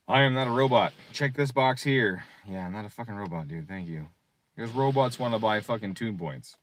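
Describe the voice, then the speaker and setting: Low-voiced profane man ranting. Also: lively intonation, a little hiss or hum. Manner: profane, quick to rant. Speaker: car tuner and streamer. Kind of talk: casual profane screen walkthrough.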